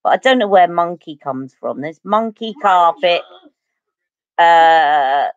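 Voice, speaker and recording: A woman's voice: fairly low pitch, animated, slow, dry recording, muffled recording. A Cockney woman from East London, a beauty vlogger chatting casually and rambling through stories while doing her makeup on a livestream.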